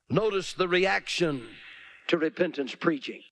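A man's voice: fairly high pitch, animated, dry recording. A man preaching a revival sermon, emphatic and calling for amens. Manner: emphatic, drawn-out pauses, calls for amens.

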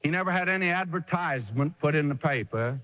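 A man's voice: on the high side, lively intonation, brisk, bright, forceful tone, long reverb tail, rough recording. A man preacher delivering a sermon in an emphatic, dramatic way with sudden swings in delivery.

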